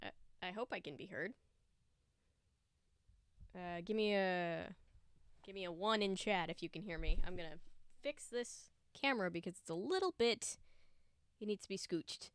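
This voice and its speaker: A woman's voice: fairly low pitch, normal speed, long pauses, smooth, no echo. A young woman hosting a casual livestream, chatting and greeting viewers by name. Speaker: livestream host.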